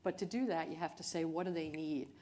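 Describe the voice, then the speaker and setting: A woman speaking as a company chief executive on a panel, in a measured, earnest way. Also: low voice, fairly even intonation, mellow, slight background noise. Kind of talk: panel discussion.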